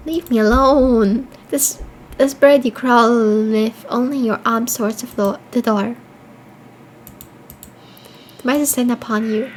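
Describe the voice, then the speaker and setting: High-voiced woman reading a horror game. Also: steady tone, unhurried, long pauses, slight background noise, poor audio. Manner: reads the game text, then reacts with swearing and laughter. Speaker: streamer playing a horror game. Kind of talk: game playthrough, reading text aloud and reacting.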